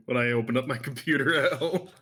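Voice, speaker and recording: A man with a naturally deep, booming voice, relaxed and loud. He jokes crudely and casually, chatting with friends before a game. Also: moderate pace, breathy edge. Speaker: tabletop game player. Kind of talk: casual pre-game chat.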